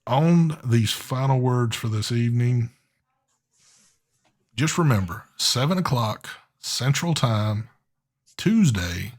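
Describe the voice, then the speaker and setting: A man's voice: mid-range voice, lively intonation, slow, long pauses. A man hosting a live online show in casual chat, talking in an easygoing, drawling way with frequent fillers. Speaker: host of a live vape show.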